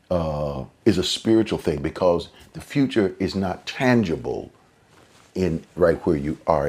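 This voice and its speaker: A man preaching a sermon in a conversational way. He repeats and restarts phrases, and his pitch and volume jump up suddenly for emphasis. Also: a little mellow, slightly rough. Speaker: pastor.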